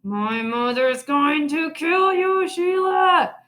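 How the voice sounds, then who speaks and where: A woman's voice: sits high, lively intonation, slow pace, pushed and bright, pitched above the performer's own voice, exaggerated voice. A woman reading aloud, voicing an exasperated nine-year-old boy who snaps curt remarks.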